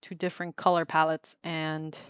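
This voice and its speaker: A woman's voice: deep voice, level tone, normal speed, clear, resonant tone, no echo. A woman streaming herself drawing, talking casually to herself and correcting her own mistakes as she works. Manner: muttering to herself while working, self-correcting.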